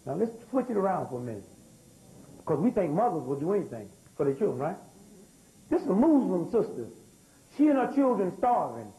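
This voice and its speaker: This is an older man, addressing a live audience. His voice sits high for a man. He drives each point with rhetorical questions and call-and-response. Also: very animated, brisk, long pauses, mellow, rough recording. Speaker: speaker.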